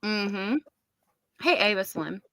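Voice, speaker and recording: A woman's voice: mid-range voice, lively intonation, slow pace, pushed and bright, a little hiss or hum. A woman hosting a casual livestream, reading viewer comments aloud and reacting to them. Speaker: livestream host.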